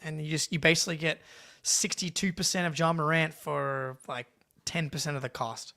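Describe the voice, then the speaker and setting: Animated higher-voiced podcast co-host. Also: male voice, normal speed, creaky. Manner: animated, swears casually. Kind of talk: casual sports podcast chat.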